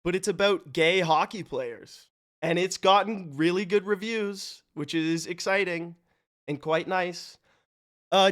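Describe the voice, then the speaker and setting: A man livestreaming, telling stories and chatting casually with his viewers, animated and loose with swearing. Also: high-pitched. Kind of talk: casual chat with stream viewers.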